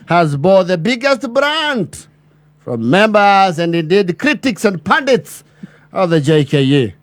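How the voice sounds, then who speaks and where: A high-voiced man pretends to be a pompous chairman giving an official address, complete with stiff administrative phrasing and drawn-out silences.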